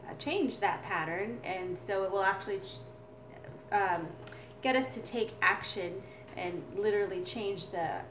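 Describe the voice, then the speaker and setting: A woman with a mid-range voice teaches a drumming exercise as a mother, explaining things in an earnest, reflective way. The room is echoey and has drums in it, with background noise audible.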